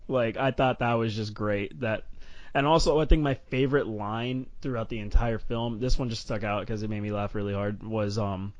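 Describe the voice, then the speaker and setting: A man's voice: lowish voice, steady tone, moderate pace, no room sound, highs cut off. A man co-hosting a casual movie review chat, commenting in a laid-back, amused way. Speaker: podcast co-host.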